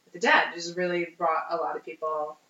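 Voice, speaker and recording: A woman's voice: lowish voice, a little fast. A woman co-hosting a podcast, telling history in casual chat with plenty of ums and uhs. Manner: lively, tells history with frequent ums and uhs. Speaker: podcast co-host. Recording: roomy, dull lo-fi sound.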